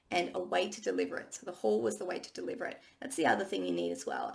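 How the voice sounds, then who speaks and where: A woman business coach with a husky morning voice, talking to listeners in a chatty, encouraging way. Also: medium pitch. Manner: chatty and encouraging, with frequent restarts. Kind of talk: casual solo podcast talk.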